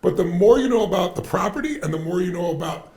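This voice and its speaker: A man as a podcast guest, telling stories in an animated, emphatic way and repeating phrases for effect. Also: high-pitched, fast. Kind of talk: animated storytelling in conversation. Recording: roomy echo.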